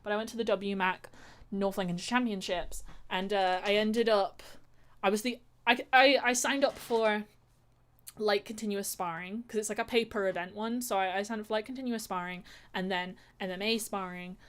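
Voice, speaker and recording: A woman vlogger chatting casually, her sentences winding with fillers and quick restarts. Her voice sits in an ordinary middle pitch, easygoing and conversational. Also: fairly even intonation, smooth. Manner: rambling, many fillers and restarts. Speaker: vlogger and amateur fighter. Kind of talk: casual chat.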